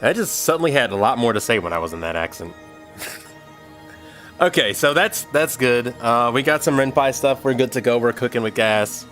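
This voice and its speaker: Animated man rambling on a livestream. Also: mid-range voice, normal speed, soft background music. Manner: rambling, thinks aloud, talks to chat. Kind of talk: casual livestream chat while coding.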